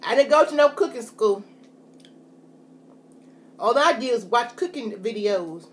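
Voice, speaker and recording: A food vlogger eats on camera while chatting casually with her viewers in a mukbang, folksy and frequently saying "y'all." Her voice is a little high, and she talks in an animated but unhurried way.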